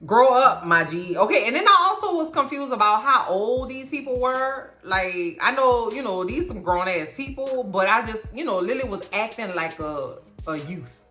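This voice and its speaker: A woman giving a casual, sassy movie recap, slangy and animated as she tells the story. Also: a little high, moderate pace, hardly any pauses, echoey room, faint music behind. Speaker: YouTube film recapper.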